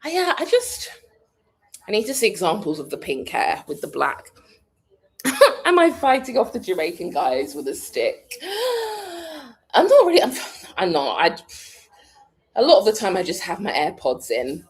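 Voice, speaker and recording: Chatty British woman, lively pitch. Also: normal speed, long pauses. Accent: British English. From United Kingdom. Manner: chatty, laughs often, thinks aloud. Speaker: vlogger answering a live chat. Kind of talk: casual chat.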